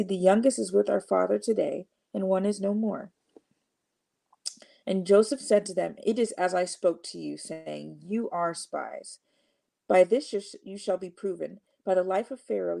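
A woman reading scripture aloud in a slow, measured way. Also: medium pitch, creaky, mellow. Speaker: Bible reader.

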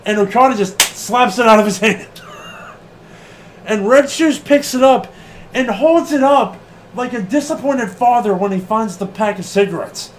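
A man co-hosting a casual wrestling podcast, animated and laughing often, swearing freely and acting out what people said. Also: high voice, normal speed, a little hiss or hum. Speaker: podcast co-host.

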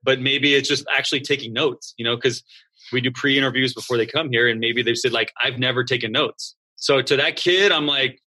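A man with a medium-pitched voice, the founder of a school, chats in a relaxed interview. He acts out students and coaches using quick voices.

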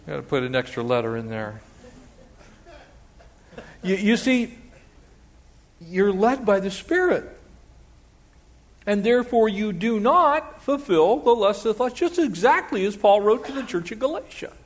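A pastor preaching a sermon in an animated way, slipping into quoted voices and playful asides. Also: male voice, sits high, measured pace, long pauses.

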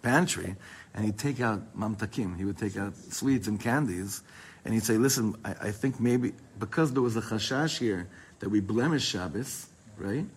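A man teaching a Torah class to a small group, quickly reading Hebrew passages and then explaining them in English in a lively way. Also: fairly low pitch, a little hiss or hum, poor audio.

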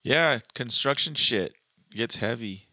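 A man's voice: mid-range voice, lively intonation, slow pace, pushed and bright, no echo. A man hosting a casual podcast, trading crude jokes and laughing often. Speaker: podcast host. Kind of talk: casual chat.

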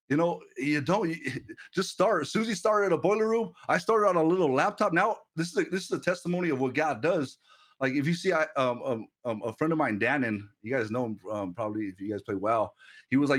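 A man in his thirties gives a casual livestream sermon, animated and quick to laugh. His voice sits a little high for a man and climbs when he urges his listeners on. He stumbles and repeats words as he goes. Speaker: streamer preacher. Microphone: headset mic.

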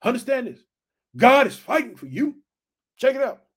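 A man with a notably high voice preaches with fire, reading scripture aloud and breaking off to call out to his listeners again and again. His delivery is exclamatory and urgent, driving each point home with repetition. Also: sing-song, normal speed, husky. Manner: exclamatory, repeats calls to the listeners. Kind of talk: fiery sermon with scripture reading.

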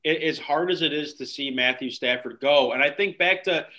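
Man, bright forceful voice, podcast co-host, reflective, loose filler-heavy talk. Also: a little high, normal speed. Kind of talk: casual sports podcast chat.

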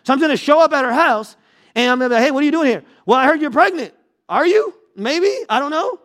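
A man voicing an anxious, unsure young girl with a very high voice. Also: rapid-fire, fairly bright tone. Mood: worried.

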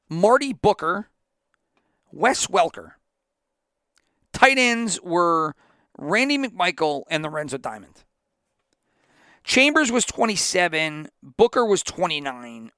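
A man's voice: sits high, a bit bright, clean tone, no echo, studio quality. A man hosting a sports podcast in an opinionated, ranting monologue, sometimes laughing at himself. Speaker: podcast host.

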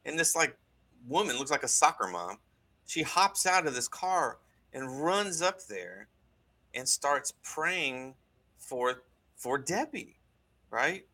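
A man telling a story in casual conversation, animated, with many restarts and asides. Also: a little high, slow. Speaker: guest recounting a deliverance.

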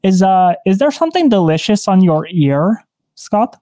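A man's voice: high voice, sing-song, moderate pace, dark tone, no room sound, clean studio sound. A man voicing a naive half-vampire detective who talks in an earnest, rambling, awkwardly literal way.

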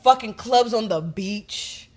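A woman's voice: on the high side, slow. A young adult woman hosting a podcast, chatting casually and swearing freely. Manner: animated, swears freely, laughs often. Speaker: podcast host. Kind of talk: casual chat.

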